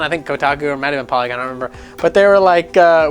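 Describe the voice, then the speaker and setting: A young man hosting a casual gaming news vlog, animated and sarcastic, swearing freely and mocking people in put-on voices. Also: a little high, racing, hardly any pauses, soft background music. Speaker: gaming news channel host.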